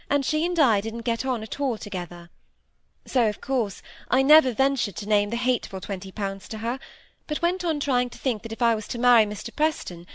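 Young woman pouring out a regretful confession, read by a woman; higher voice, close dry sound. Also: no room sound, lightly acted. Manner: earnest, regretful, rising to indignation. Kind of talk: audiobook reading of dialogue.

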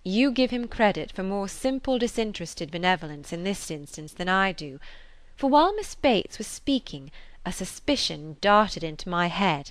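Woman doing a kindly middle-aged lady, measured, gently persuasive, lively pitch, close dry sound. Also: no echo. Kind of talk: audiobook character reading.

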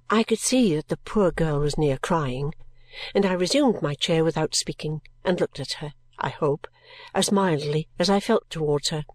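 A woman narrating a classic novel aloud in a gentle, measured storytelling manner. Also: sits low, dry recording. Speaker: audiobook narrator.

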